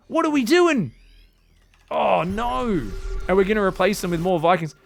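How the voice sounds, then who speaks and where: Male game caster, high voice, gravelly, sarcastic rambling commentary. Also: sing-song, normal speed, soft background music. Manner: sarcastic, rambling, profane jokes. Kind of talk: casual esports commentary.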